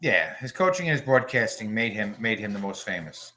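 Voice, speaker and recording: A man's voice: fairly low pitch, big pitch swings, brisk, sharp tone. A man co-hosting a podcast in casual chat, telling crude, joking stories. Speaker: podcast co-host.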